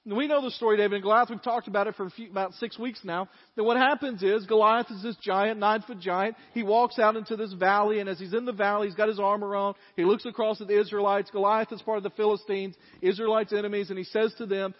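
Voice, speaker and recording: A man preaching in a church, talking to the congregation in a folksy, chatty way. His voice sits high. The sound is dull, and a long reverb from the sanctuary trails each phrase. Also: fairly even intonation, fast, hardly any pauses. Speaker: pastor. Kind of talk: sermon.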